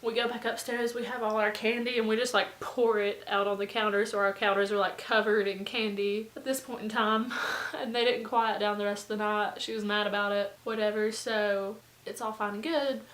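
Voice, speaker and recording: A young woman, telling a storytime vlog in a chatty, animated way full of fillers. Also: mid-range voice, normal speed, roomy sound, rough recording. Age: young adult. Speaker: vlogger.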